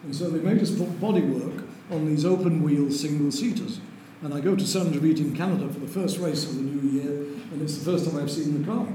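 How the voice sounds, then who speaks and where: An older man, telling lively anecdotes as an interview guest and chuckling through them. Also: a little high, fairly quick, few pauses. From Lancashire, England. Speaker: interview guest, racing driver. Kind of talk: anecdotal storytelling. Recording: very echoey room with faint noise.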